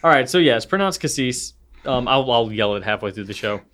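Man, podcast co-host, casual chat, animated, laughs a lot, stumbles over words. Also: mid-range voice, a little fast.

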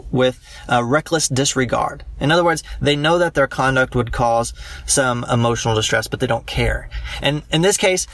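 A young man, a law student, working through a practice legal analysis out loud, with many ums and restarts. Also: medium pitch, moderate pace, no room sound, distant mic.

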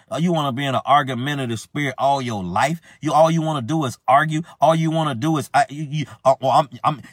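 A man's voice: medium pitch, a bit bright, no echo. Male preacher, casual fiery sermon, repeats his points and calls listeners out, dry close-miked sound. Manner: emphatic, repetitive, colloquial, calls listeners out directly. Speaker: self-described prophet preaching. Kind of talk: impassioned informal sermon.

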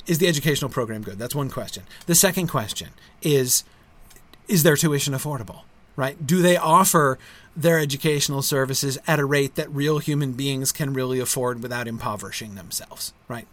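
A middle-aged man talking casually to viewers as a school founder, halting with many fillers and restarts and a frequent tag question at the end of his points. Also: medium pitch. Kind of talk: casual livestream talk.

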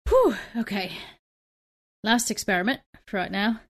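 A woman's voice: mid-range voice, sing-song, unhurried. A young woman playing a tabletop game, narrating her moves in a rambling, self-deprecating way with apologetic asides. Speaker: player. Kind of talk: tabletop role-play, casual chat.

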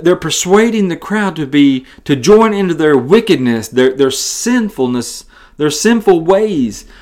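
A man giving a casual Bible study talk as a podcast teacher, earnest and conversational, often restarting his sentences. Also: on the high side.

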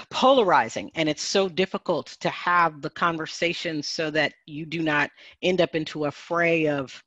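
An earnest man with a fairly high voice talks through his points in a panel discussion, measured and thoughtful, often circling back to restart a phrase. The sound is dry and a little dull, like lo-fi audio. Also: fairly bright tone, no echo.

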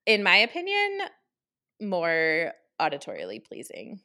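A woman's voice: on the low side, wildly swooping pitch, bright, forceful tone. A young woman with an upstate New York accent, co-hosting a podcast in casual, rambling chat full of "like". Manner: rambling, fast asides, lots of "like". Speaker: podcast co-host.

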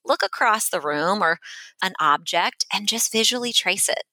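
Bright-voiced woman, dry close sound. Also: mid-range voice, expressive, moderate pace, dry recording, poor audio. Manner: friendly, instructive, often checks in with "right?". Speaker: guest speech-language pathologist. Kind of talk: conversational podcast guidance.

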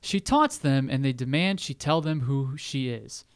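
A man's voice: medium pitch, expressive, unhurried. A man co-hosting a podcast, reading out a plot summary with jokey asides in casual chat. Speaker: podcast co-host recapping an episode.

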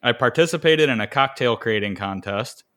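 Man, Northwest Ohio accent, bright tense voice, casual storytelling, frequent laughs. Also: mid-range voice, lively intonation, moderate pace. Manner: chatty storyteller, laughs often. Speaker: podcast co-host. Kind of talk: casual chat.

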